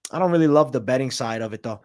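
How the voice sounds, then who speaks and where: A man's voice: mid-range voice, very fast, a little mellow. A man hosting a live stream of fight predictions, talking in a brash, slangy and profane way. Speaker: host.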